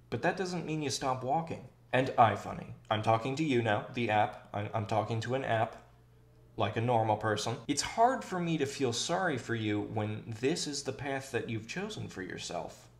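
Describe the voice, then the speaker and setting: A man hosting a comedic commentary video, sarcastic, animated and self-aware. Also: mid-range voice, reverberant. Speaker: video essayist.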